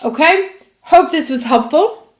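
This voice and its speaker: A woman's voice: mid-range voice, a little slow. A woman astrologer giving a chatty, casual monthly horoscope reading that runs through dates.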